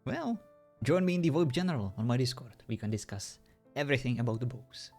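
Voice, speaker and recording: A man's voice: mid-range voice, lively intonation, fairly quick, darkish tone, soft background music. Teasing man hosting banter. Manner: joking, teasing, laughs often. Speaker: host of a mock podcast in a game stream. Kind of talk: casual voice chat banter.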